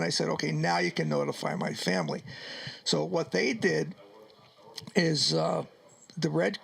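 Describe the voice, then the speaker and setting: An older man from New York tells his war memories on a radio interview. His voice is gravelly and sits a little high, and he acts out each exchange of dialogue. At times he gets choked up. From New York, United States. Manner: animated storyteller acting out dialogue. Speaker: Vietnam veteran guest.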